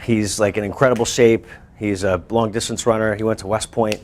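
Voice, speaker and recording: A male teacher telling a lively personal story to his students, breaking into shouts and laughter. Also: fairly low pitch, a little fast. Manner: animated, bursts into shouts and laughs while telling. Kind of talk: storytelling to a class.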